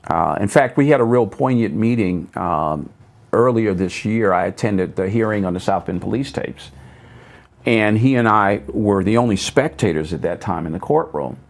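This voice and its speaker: Middle-aged pastor telling a story, lowish voice. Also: male voice, moderate pace, vocal fry. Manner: animated storyteller, voices other people's remarks with sharp jumps up in pitch. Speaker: pastor, talk show guest. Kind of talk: storytelling in a talk show conversation. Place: local public access TV studio.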